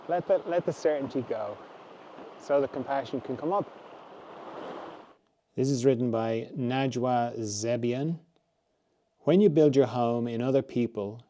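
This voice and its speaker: A middle-aged man hosting a spiritual podcast, musing gently and restarting his thoughts as he talks. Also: medium pitch, a little hiss or hum. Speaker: podcast host, spiritual teacher. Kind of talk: reflective spoken talk.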